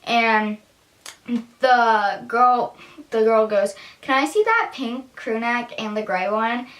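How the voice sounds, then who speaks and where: A woman's voice: fairly high pitch, lively intonation, slow pace, fairly bright tone. A teenage girl telling a story to camera in a chatty vlog, filling her talk with "like" and acting out what people said. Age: teens. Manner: chatty, lots of "like", acts out quotes. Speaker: vlogger. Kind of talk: casual storytime.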